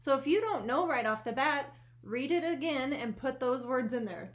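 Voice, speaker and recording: A woman teaching a remote reading lesson to young students, upbeat and encouraging, reading aloud slowly and carefully, recorded on a laptop microphone outdoors in her garden with wind noise. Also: high-pitched, animated, no room sound. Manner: slow, careful read-aloud delivery.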